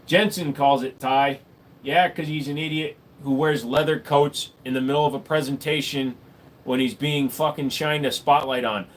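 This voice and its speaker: Answering his chat live from a home room with a gun wall, a man rambles crudely and tosses out jokes. His mid-range voice stays fairly even at a normal speed.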